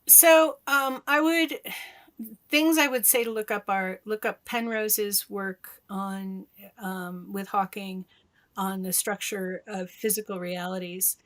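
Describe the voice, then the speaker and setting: A woman from Michigan, a guest on an interview podcast, telling stories in an animated way, laughing often and acting out what people said. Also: medium pitch, takes it slowly. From Michigan, USA. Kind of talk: casual interview storytelling.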